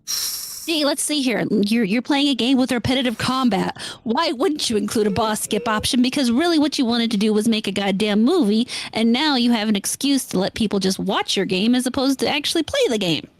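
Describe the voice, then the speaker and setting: A woman's voice: fairly high pitch, fairly quick, dry recording. Blunt, sarcastic woman on a dry mic. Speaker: podcast co-host. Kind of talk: casual podcast chat.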